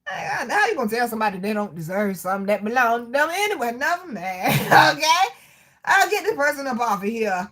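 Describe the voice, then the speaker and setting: A woman hosting a casual livestream, talking straight to her viewers in a loud, profane, animated way with frequent laughter. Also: on the high side, fairly quick. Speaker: livestream host reading chat.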